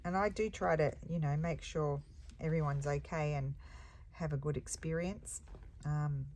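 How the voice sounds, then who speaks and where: Low-voiced chatty woman crafter. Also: fairly even intonation, unhurried, a little mellow. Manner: rambling, chatty, thinks aloud with hums and ums. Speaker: embroidery crafter and shop owner. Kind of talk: casual chat while stitching.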